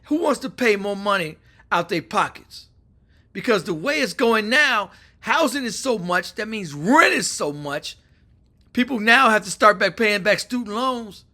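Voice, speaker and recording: A man talks through a casual opinion monologue, loose and animated. His voice sits high for a man and has a bright, forceful edge. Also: measured pace. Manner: animated, acts out quoted phone calls. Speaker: political commentator.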